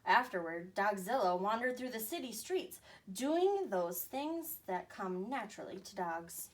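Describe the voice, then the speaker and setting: A woman teacher reading a picture book aloud to young children with expressive storytelling. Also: medium pitch, unhurried. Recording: voice a bit far from the mic.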